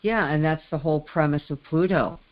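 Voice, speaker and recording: A man's voice: fairly high pitch, fairly quick, no echo. A man from the Midwest co-hosting a podcast, talking casually with many restarts and asides. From American Midwest. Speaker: podcast co-host. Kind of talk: casual conversation.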